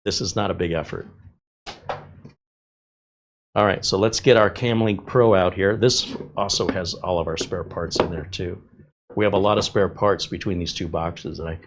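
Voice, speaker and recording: Low-voiced man chatting while building. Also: steady tone, moderate pace, background noise. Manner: rambling, conversational, with fillers and tangents. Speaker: tech YouTuber building a PC. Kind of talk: casual chat while working.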